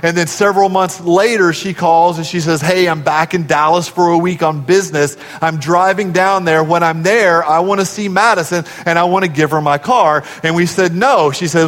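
Male pastor, high voice, storytelling sermon that climbs to emphatic peaks, long sanctuary reverb. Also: normal speed, fairly bright tone.

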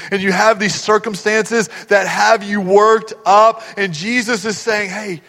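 A middle-aged male pastor preaching a sermon, swinging from hushed, tender asides to loud, rising build-ups. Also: sits high, steady tone, a little slow, long reverb tail.

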